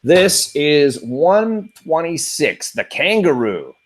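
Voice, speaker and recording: A man hosts a casual chat, his fairly high voice swinging widely in pitch as he takes things slowly. He's enthusiastic and rambling, restarting his sentences again and again.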